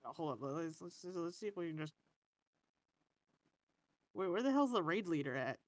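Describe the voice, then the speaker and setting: A man's voice: on the high side, big pitch swings, moderate pace. Blunt, swearing man at the game table. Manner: blunt, swears, argues rules. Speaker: player. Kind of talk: casual tabletop game talk.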